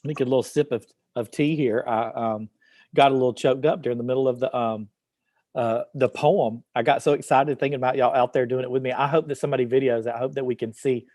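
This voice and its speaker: A man with a steady, darkish mid-range voice speaks fast while reading poetry to students online from his office. He's upbeat and encouraging, with many fillers, and the studio sound is clean with no room sound.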